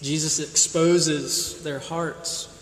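A man with a high-pitched voice preaches a sermon in a church sanctuary, driving his points home with one rhetorical question after another. His voice rings through a roomy space with a long, lingering reverb. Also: flat delivery, extremely slow. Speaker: pastor. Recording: echoey hall with long reverb.

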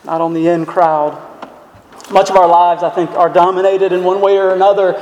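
Guy pastor preaching, pretty high voice, lots of echo like a big church. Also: flat delivery, normal speed, darkish tone, lo-fi sound. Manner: earnest, emphatic preaching with rhetorical questions. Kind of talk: sermon. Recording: echoey hall sound.

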